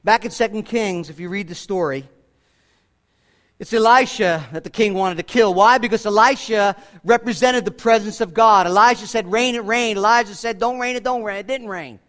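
A man's voice: high-pitched, moderate pace, a bit bright. A man preaching a sermon, repeating himself and restarting phrases, lifting his voice when he quotes scripture. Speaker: pastor.

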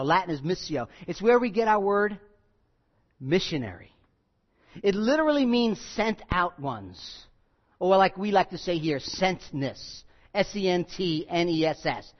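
A male pastor preaching a sermon, emphatic, repeating key phrases and swinging between loud and quiet. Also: sits high, dull audio.

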